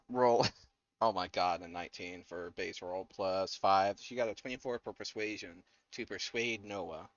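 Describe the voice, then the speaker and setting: A man's voice: fairly low pitch, dull audio. A man running a tabletop game as game master, narrating with lots of fillers and restarts. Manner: animated, halting with fillers.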